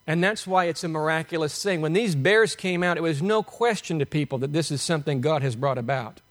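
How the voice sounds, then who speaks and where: Man, pastor, sermon, emphatic, rhetorical questions, slightly high voice. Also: fairly quick.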